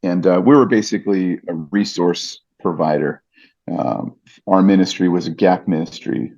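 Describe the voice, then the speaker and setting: Male podcast guest, earnest storyteller, lowish mellow voice, slightly dull lo-fi recording. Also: moderate pace. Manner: earnest, vivid retelling with fillers. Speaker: podcast guest, ring announcer. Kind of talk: personal storytelling.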